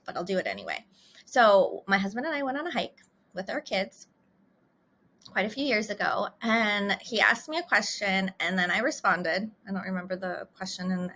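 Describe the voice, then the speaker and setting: A woman's voice: a little high, bright, forceful tone. A middle-aged woman couples therapist talking casually and candidly to the camera, laughing between phrases.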